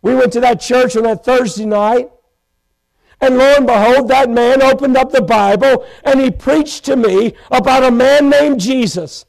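A man with a high, gravelly voice preaches a testimony sermon from a church pulpit on a live stream. He speaks with passion, bursting into shouts and slowing down for emphasis. The audio quality is poor.

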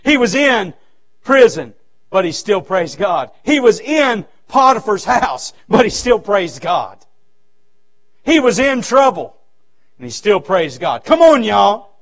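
A male pastor preaching a revival sermon in a church, swinging from loud shouts to low, quiet stretches. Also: big pitch swings, slow pace.

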